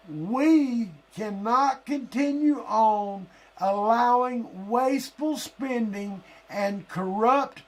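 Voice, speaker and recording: A man from Florida, hosting a live stream and delivering a heated, blunt, profane political rant that sometimes breaks into shouting. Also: extremely high pitch. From Lee County, Florida.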